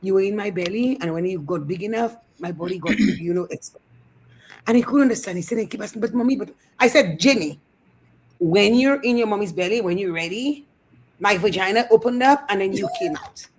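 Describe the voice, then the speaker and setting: A middle-aged woman co-hosting a casual talk show, telling animated family stories and acting out the voices. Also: mid-range voice, a little fast, breathy edge, rough recording. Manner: animated storyteller, acts out quotes. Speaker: co-host. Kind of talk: casual storytelling chat. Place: studio.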